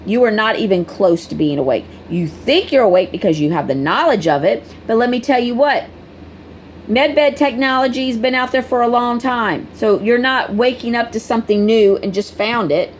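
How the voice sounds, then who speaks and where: A woman vlogger speaks casually and bluntly straight to camera, scolding her viewers in a preachy manner. Her fairly high voice has lively intonation and a normal speed, with slight background noise.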